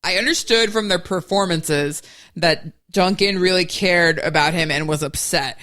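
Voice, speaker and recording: A woman's voice: lowish voice, normal speed, a bit bright. A woman co-hosting a movie podcast, chatty as she recaps scenes in casual banter. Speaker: podcast co-host.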